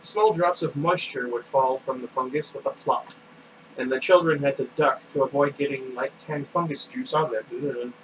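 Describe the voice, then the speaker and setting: A man's voice: medium pitch, steady tone, normal speed. A man casually reading a novel aloud, adding asides and correcting his own slips. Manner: reads with asides and self-corrections. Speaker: reader of a novel. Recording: distant mic with air conditioner hum.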